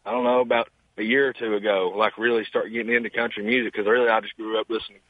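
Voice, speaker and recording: A nineteen-year-old man with a Southern Appalachian accent on a phone call, talking in a humble, halting way and saying "man" often. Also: on the low side, level tone, a little hiss or hum. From Eastern Kentucky mountains. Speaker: caller, singer guest. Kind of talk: casual phone interview. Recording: tinny phone line.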